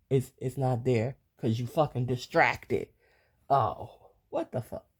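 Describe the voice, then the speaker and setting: A woman's voice: deep voice, warm tone. A woman hosting her own podcast, venting in a heated, profane monologue full of repeated rhetorical questions. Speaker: podcast host. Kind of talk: solo ranting monologue.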